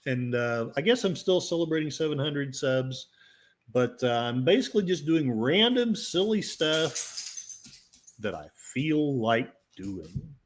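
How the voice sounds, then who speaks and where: A man with a slightly high voice, big pitch swings, and an unhurried pace hosts a casual livestream. He rambles in a self-deprecating way while reading the chat and talking to his pets.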